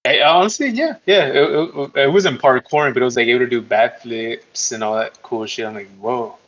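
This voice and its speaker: A man's voice: mid-range voice, fairly quick, a bit bright, muffled recording. A man in casual podcast talk over a voice call, rambling, swearing and playing incredulous.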